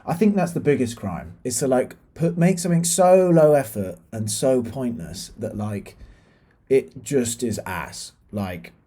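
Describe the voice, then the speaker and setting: A man's voice: medium pitch, expressive, a little slow, mellow. A young British man from the UK ranting casually about bad films as a reviewer, exasperated and full of fillers and restarts. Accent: British English. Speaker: film reviewer. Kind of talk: casual opinionated film review.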